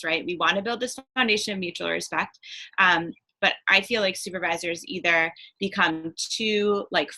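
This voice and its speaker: A young woman with a bright, slightly low voice coaches new camp leaders in a casual talk. She checks in with 'right?' and fills gaps with ums. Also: rough recording. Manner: chatty, frequent 'right?' and 'um'.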